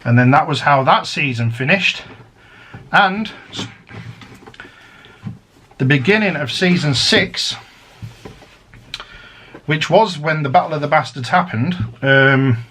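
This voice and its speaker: A man's voice: on the high side, expressive, slow pace, pauses often, fairly bright tone, a little hiss or hum. A man chatting casually as he unboxes a collector's set, rambling and drifting into fan theories. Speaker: unboxing vlogger.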